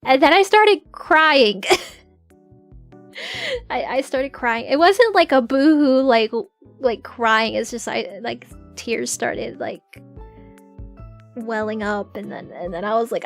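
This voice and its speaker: A woman's voice: fairly high pitch, takes it slowly, fairly bright tone, soft background music. A young adult woman chatting casually to her live-stream audience, giggling often and filling her talk with "like". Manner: chatty, giggly, full of filler "like"s.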